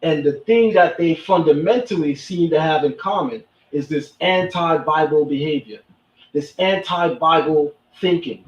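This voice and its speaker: A man's voice: a little high, a little slow. A man hosting a commentary show who speaks emphatically and preachily, repeating lines for stress. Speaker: host. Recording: echoey, distant, dull sound.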